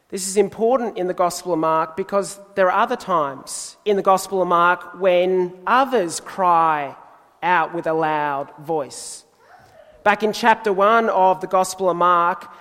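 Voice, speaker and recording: A man preaching a sermon in a measured, deliberate way, pausing for emphasis. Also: sits high, a bit bright, in a large hall.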